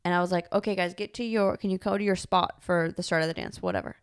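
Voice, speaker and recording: A young woman co-hosting a podcast, telling a story in animated casual chat, full of "like" and laughter. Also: lowish voice, fast, smooth. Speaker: podcast co-host.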